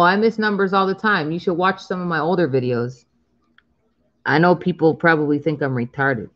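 A woman's voice: low-pitched, muffled recording. A woman in her thirties chatting casually on a live stream while scratching lottery tickets, drawing out the numbers she calls and laughing often.

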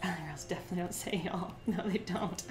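Fast-talking chatty woman streamer. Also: fairly low pitch. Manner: fast-talking with many filler words; counts aloud softly while working. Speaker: crafting live-streamer. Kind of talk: chatty live-stream talk while crafting. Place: at home, standing at a desk.

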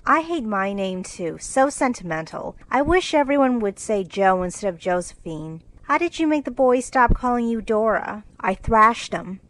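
A woman's voice: fairly high pitch, animated, moderate pace, few pauses, fairly bright tone, poor audio. A woman reading the lines of a spirited, outspoken teenage girl in an eager, frank way, in a storybook reading.

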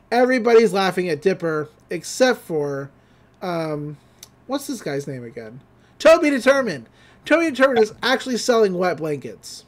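A podcast host giving a casual, giggly recap of a cartoon episode, retelling scenes in an animated way. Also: mid-range voice, normal speed.

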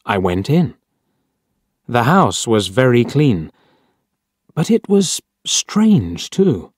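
A man reading a simple story aloud as narrator, clear and deliberate. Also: medium pitch, very animated, dry recording, studio quality. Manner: clear, deliberate graded-reader delivery.

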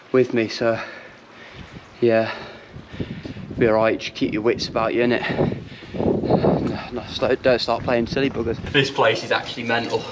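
A man vlogging as he explores an underground mine, talking in an excited, chatty way, recorded on an action camera. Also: medium pitch, far from the mic. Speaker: adventure vlogger. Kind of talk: casual exploring vlog. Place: inside a wet underground mine. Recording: running water noise, cave echo. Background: running and dripping water.

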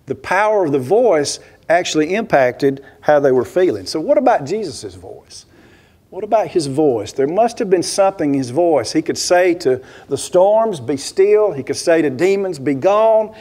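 A man's voice: a little high, big pitch swings, normal speed, a little mellow. A man, a pastor, preaching a sermon in a church, telling a story with many rhetorical questions and acting out the voices he quotes. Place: church sanctuary.

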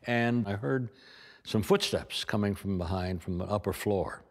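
An older man, a portrait painter, telling an animated anecdote with a raspy voice and lively asides. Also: fairly low pitch, measured pace. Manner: animated, acts out voices, stammers. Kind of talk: anecdotal storytelling.

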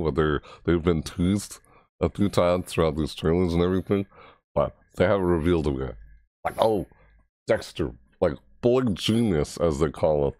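A man hosting a casual reaction video, rambling excitedly about a game trailer. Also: no room sound, clean studio sound. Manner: excitable, rambling, mimics game voices in high yelps.

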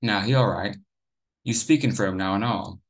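A man's voice: fairly low pitch, moderate pace, vocal fry. A man voicing a tough teenage gang member who gives hard, urgent warnings. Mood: gruff.

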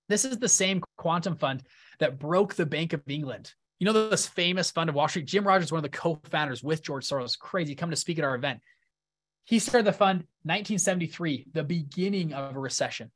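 A man giving an energetic live seminar talk, keeping his audience with him through frequent "right?" and "okay?" check-ins. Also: fairly high pitch, brisk. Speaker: fund-launch presenter at a live event.

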